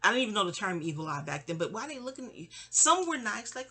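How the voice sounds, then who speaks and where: Talking fast in a pushed, bright, husky voice of medium pitch with big pitch swings, a woman in her forties tells family stories. She rambles candidly, trails off and restarts, and mimics the people she quotes.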